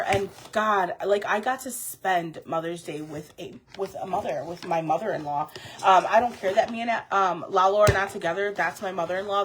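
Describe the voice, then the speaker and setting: A woman's voice: mid-range voice, noisy background. A woman in her thirties talking casually and heartfeltly to her viewers, rambling with many fillers. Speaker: vlogger.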